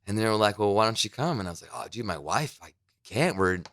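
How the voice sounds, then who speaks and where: Speaking quickly and expressively in a lowish, fairly bright voice, a radio host from New Jersey guests on a podcast from his broadcast studio. He swaps loose career stories in casual conversation, cursing freely and dropping quoted asides from people he met.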